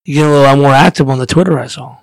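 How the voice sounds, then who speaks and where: A man's voice: mid-range voice, very fast, no room sound. A man hosting a casual podcast chat, chuckling and prompting his guest with questions. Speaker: podcast host.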